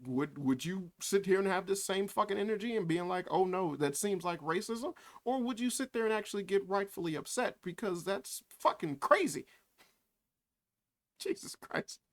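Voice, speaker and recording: Loud mocking man reacting to a video. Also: sits high, animated, normal speed. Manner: loud, mocking, laughs often, swears a lot. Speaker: YouTube commentator. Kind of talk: reaction commentary.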